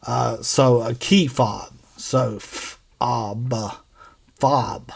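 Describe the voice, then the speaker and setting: Slow, gravelly-voiced man teaching phonics. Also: medium pitch, fairly even intonation. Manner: slow, drawn-out sounding out of letters. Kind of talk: phonics lesson for children.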